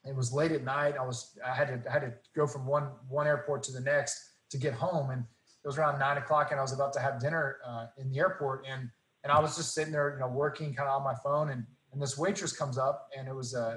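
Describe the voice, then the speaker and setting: A man telling faith stories in casual talk, earnest and animated, acting out the dialogue. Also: mid-range voice, fairly quick, roomy sound, rough recording. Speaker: guest.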